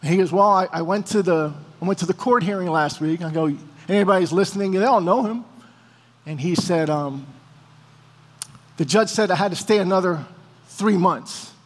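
A man with a notably high voice tells a sermon story with energy, acting out each exchange. His voice rings with a long reverberant tail, as in a large hall. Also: moderate pace. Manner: animated storyteller, acting out dialogue. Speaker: preacher.

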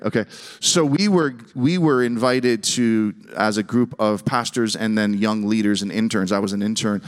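A middle-aged man preaching and telling a story, animated, with frequent restarts and a voice that jumps higher when excited. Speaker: guest speaker. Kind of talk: sermon storytelling. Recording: long hall reverb.

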